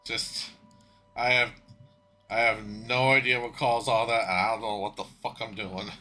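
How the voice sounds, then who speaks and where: A man's voice: fairly low pitch, little pitch movement, normal speed, bright, forceful tone, faint music behind. A man streaming a game, chatting casually to viewers, flustered and swearing freely as he talks to himself. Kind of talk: casual gaming livestream chat.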